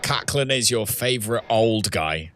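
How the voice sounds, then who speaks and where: A man's voice: on the low side, lively intonation, measured pace, fairly bright tone, a little hiss or hum. A man, chatting casually with viewers while playing a game live, reading out chat messages and laughing often. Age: 30s. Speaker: streamer and host. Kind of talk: casual livestream gaming chat.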